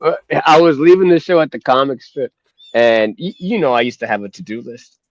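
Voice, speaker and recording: A man's voice: mid-range voice, a little fast, dry recording, lo-fi sound. Laughing man telling funny stories. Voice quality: laughs often, animated storytelling. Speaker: podcast co-host. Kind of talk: casual chat, storytelling.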